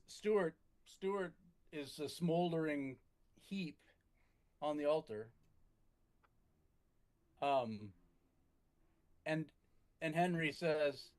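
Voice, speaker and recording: A man narrating a tabletop game as its game master, measured and halting, with frequent restarts. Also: on the high side, smooth.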